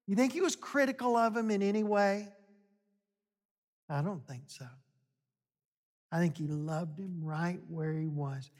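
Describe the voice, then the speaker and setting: A man's voice: high voice, darkish tone. A man preaching a sermon, talking to the congregation in a conversational way and building to emphatic points. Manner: slow, conversational, rising to emphatic exhortation. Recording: long hall reverb.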